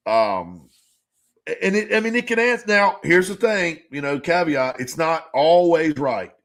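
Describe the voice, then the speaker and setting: A man with a fairly high voice co-hosts a casual podcast chat. He tells long, rambling stories, plays out both sides of conversations, and curses freely. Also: sing-song, unhurried, a bit bright. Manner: rambling storyteller who swears freely and acts out conversations. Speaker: podcast co-host.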